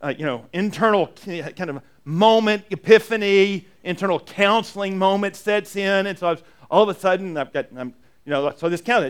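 A man preaching a sermon, telling a personal story with animated, restart-heavy delivery. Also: high voice, brisk, smooth. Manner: animated storytelling, acts out inner dialogue; many restarts and repeated "and". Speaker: pastor.

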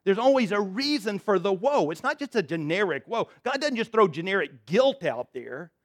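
A man's voice: high-pitched, big pitch swings, normal speed. A man preaching a sermon to his congregation in a church, in a conversational, folksy way with frequent restarts and asides. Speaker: pastor. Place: church sanctuary.

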